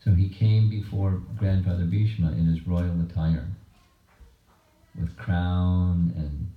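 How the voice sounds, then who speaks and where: A man giving a scripture class at a home program, retelling the story in slow, measured, halting phrases. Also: deep voice, steady tone. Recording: dull, roomy recording from a distance.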